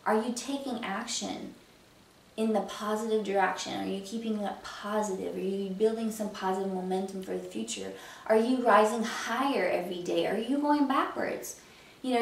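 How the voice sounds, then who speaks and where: A woman's voice: medium pitch, a bit bright. A woman fitness coach giving a motivational talk, firing off rhetorical questions with a chatty, filler-laden delivery. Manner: chatty with many "you know" fillers. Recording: roomy echo, mic at a distance.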